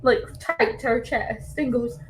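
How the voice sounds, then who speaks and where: High-voiced woman playing a tabletop game. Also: unhurried. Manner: giggly, acts out her character's lines in a high voice. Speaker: player. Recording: faint background noise.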